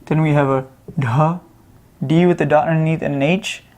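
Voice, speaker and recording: A man with a slightly higher-than-usual voice teaches in a loose, conversational way. He sounds out single letters one at a time, repeats himself, and keeps checking in with his listeners. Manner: relaxed, repeats sounds slowly with many "right?" check-ins. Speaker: Sanskrit teacher. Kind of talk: casual explanatory lesson.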